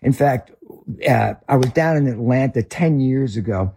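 A middle-aged man with a Northern US accent, a ministry leader telling a story as a guest in an interview, earnest and halting with many restarts. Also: mid-range voice, lively intonation, gravelly, mellow, husky.

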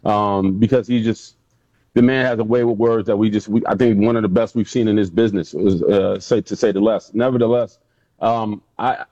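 A man, a former pro football player, recounts locker-room stories as an interview guest. His voice is mellow and dark, with a dry, dull lo-fi sound. He tells them with energy and acts out what others said. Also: on the low side, moderate pace, no room sound. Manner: animated storyteller, acts out quotes. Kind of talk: casual interview storytelling.

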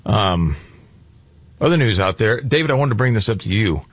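A man's voice: lowish voice, expressive, moderate pace, breathy edge, dry recording. A man hosting a casual talk show, chatting with co-hosts in an emphatic, conversational way. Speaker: host.

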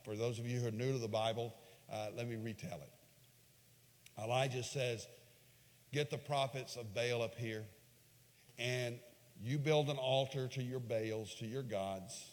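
A man preaching a sermon, retelling a scripture story dramatically, swinging from hushed lines to loud, raised ones. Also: mid-range voice, steady tone, unhurried, long pauses. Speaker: pastor. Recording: long hall reverb.

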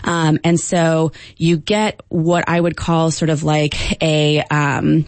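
A woman linguistics professor answering radio interview questions, explaining at a measured pace with frequent ums. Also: low-pitched, little pitch movement, no echo.

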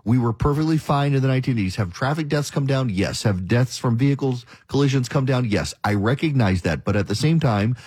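A man's voice: medium pitch, expressive, a little fast, hardly any pauses, darkish tone, slightly rough, no room sound. A man hosting a talk radio show, delivering an emphatic, opinionated monologue and mocking his critics. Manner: emphatic, ranting, mocks critics in quoted voices.

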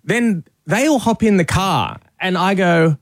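A man co-hosting a radio show, telling an animated story and laughing often. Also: high voice, measured pace, no room sound. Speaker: radio co-host.

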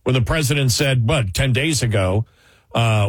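A husky-voiced man hosts a political talk show, reading an editorial aloud and breaking in with his own emphatic remarks. The sound is dry and close. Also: medium pitch, moderate pace, no echo.

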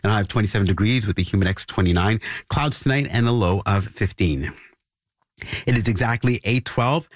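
Lower-voiced man hosting morning radio. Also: no echo, clean studio sound. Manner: brisk, friendly announcing.

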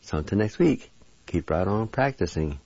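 A man teaching a language lesson, slowly sounding out each word syllable by syllable. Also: sits low, expressive, creaky, dark tone, husky, no room sound, muffled recording. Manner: slow, breaks words into syllables.

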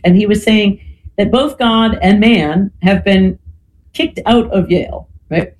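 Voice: mid-range voice, unhurried, darkish tone, rough recording. A podcast guest explaining history in a conversational way, often adding "you know" and a questioning "right?". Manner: peppers speech with "you know" and tag "right?".

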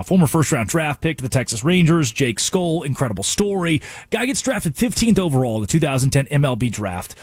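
A male sports radio host delivering an animated, sarcastic rant from a studio. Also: mid-range voice, no room sound. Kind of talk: sports talk radio monologue.

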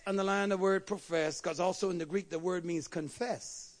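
A fervent male preacher working a church service, his voice pitched high for a man and roughened with a gravelly rasp. He calls out to the congregation in bursts of call-and-response and keeps them moving with quick asides. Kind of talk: sermon.

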